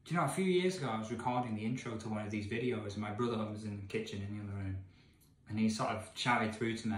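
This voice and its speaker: Incredulous and fast-talking, this man from England, in his thirties, vents at the camera while reading a gamebook, lurching between loud outbursts and mumbling. His fairly low voice echoes in a candlelit indoor room away from home.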